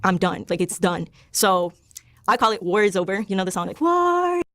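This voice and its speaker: A woman's voice: lowish voice, fairly even intonation, brisk, a bit bright, dry recording, studio quality. A young woman from Panama, a podcast guest, telling her personal testimony in a rambling way, leaning on "like" and quoting herself. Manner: rambling, heavy use of "like", self-quoting.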